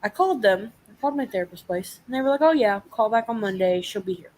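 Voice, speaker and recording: Kobieta, swobodna, wulgarna gawęda. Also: female voice, mid-range voice, quick pace, rough recording. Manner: profane, animated storytelling. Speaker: live chat host. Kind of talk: casual chat.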